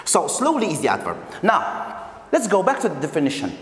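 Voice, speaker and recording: In an echoey room with long reverb, a male English teacher from Algeria records a video lesson, walking through it step by step and repeating key phrases. He speaks at a moderate pace in a highish, fairly bright voice with huge pitch swings.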